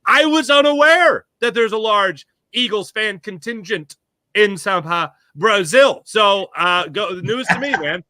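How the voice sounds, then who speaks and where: A man, a guest on a sports talk show, telling animated stories and acting out quotes. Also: high-pitched, unhurried, dry recording. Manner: animated storyteller, acts out quotes. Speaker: guest commentator. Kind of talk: casual sports chat.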